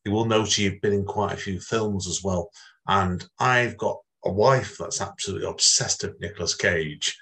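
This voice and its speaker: A man's voice: low-pitched, moderate pace, bright, forceful tone. A man hosting an interview, asking long, rambling questions that repeat themselves. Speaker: podcast host.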